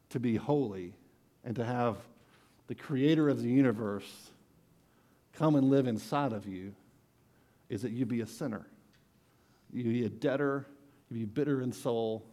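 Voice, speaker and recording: A man's voice: medium pitch, mellow. A man preaching a sermon, earnest and emphatic, repeating his key phrases for weight.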